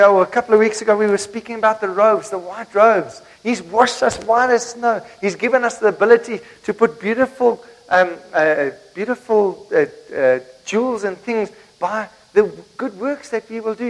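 This is a sermon by a South African pastor in church, who tells stories and asks the congregation questions in South African English. His voice is high-pitched and the recording is low quality.

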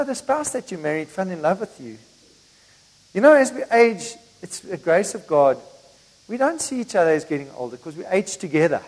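A middle-aged man preaches to his congregation in a relaxed, conversational way, mixing personal stories into the message. His voice sits high for a man. The sound carries the long reverb of a church hall. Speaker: pastor. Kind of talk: sermon.

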